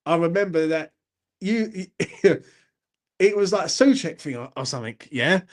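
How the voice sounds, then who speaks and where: Chatty laddish man, higher voice. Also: animated, moderate pace. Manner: chatty, laddish, repeats "do you know what I mean". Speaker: host reading live chat. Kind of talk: casual live-stream chat.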